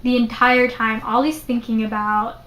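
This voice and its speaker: A woman's voice: fairly high pitch, moderate pace. Chatty young woman in an echoey room. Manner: chatty, many "like" fillers, animated retelling. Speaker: book reviewer. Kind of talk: casual book review vlog. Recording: roomy echo.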